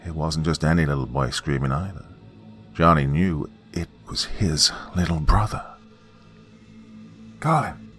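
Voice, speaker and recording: A man with an extremely deep, low voice tells a horror tale around a campfire. He is folksy and dramatic, sinking to hushed whispers for suspense, with faint music under him. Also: fairly even intonation, normal speed. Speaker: horror story narrator.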